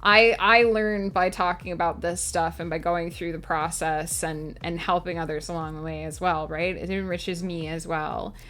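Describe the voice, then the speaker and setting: A woman's voice: fairly low pitch, steady tone, moderate pace, few pauses, a bit bright. A woman livestreaming as a writer, talking casually and earnestly to her chat from a home setup. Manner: earnest, reflective, talks to chat directly. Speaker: streamer and writer.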